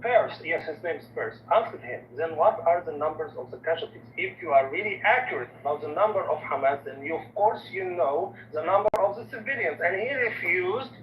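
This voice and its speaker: A man's voice: fairly high pitch, animated, brisk, few pauses, slight background noise. A man who is not an English speaker argues insistently as a caller in a heated debate. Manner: insistent, swears, later apologetic and quieter. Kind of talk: heated debate on a call-in show. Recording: distant, roomy, dull lo-fi line.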